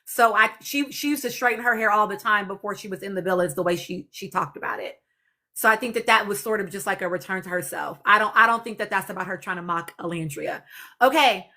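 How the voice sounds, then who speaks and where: A woman's voice: medium pitch, fast, pushed and bright. A woman hosting a live podcast stream, chatting casually and speaking straight to her viewers. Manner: chatty, talks to viewers directly. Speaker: podcast host.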